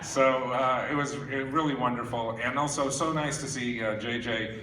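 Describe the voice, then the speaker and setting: A man's voice: mid-range voice, steady tone, normal speed. A man introducing his film to a theater audience in a casual, chatty way. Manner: chatty, quizzing the crowd. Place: large cinema theater. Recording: echoey theater, distant mic, loud crowd noise.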